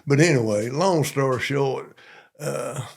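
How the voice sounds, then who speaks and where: An older man from Monroe, Georgia, a police chief with a Southern accent, shares army stories during an interview. His mid-range voice is gravelly and slightly rough, and a little slow, and his retelling is animated, folksy, and full of repetition.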